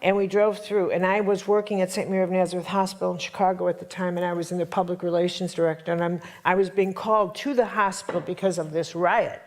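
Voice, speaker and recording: A woman's voice: fairly low pitch, steady tone, quick pace, few pauses. A middle-aged woman telling a dramatic story to a workshop audience, emphatic and full of repetitions. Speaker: workshop teacher.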